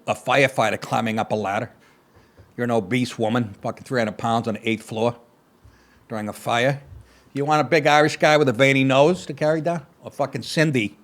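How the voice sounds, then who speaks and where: A man hosting a comedy podcast, ranting in a profane, sarcastic, exasperated way, swinging between loud outbursts and muttered asides. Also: medium pitch, brisk.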